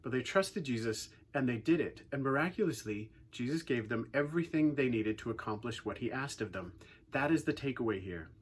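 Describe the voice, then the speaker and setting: A man giving a casual youth talk, retelling a Bible story as an animated storyteller with playful sarcastic asides. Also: mid-range voice, fairly quick, husky. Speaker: youth ministry speaker.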